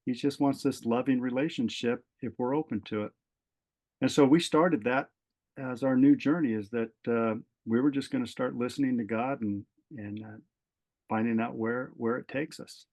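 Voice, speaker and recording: Speaking at medium pitch and moderate pace, a middle-aged man from California who once served as a fire captain and is now retired tells a story from his life as a podcast guest. He brings it to life by voicing the quoted exchanges, though he leans on frequent fillers and restarts.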